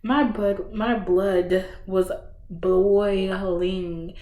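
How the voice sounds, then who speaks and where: A woman hosting a book podcast, casually retelling a story with slangy, animated bursts and acted-out reactions. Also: medium pitch, slow. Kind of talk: casual book review chat. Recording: roomy echo.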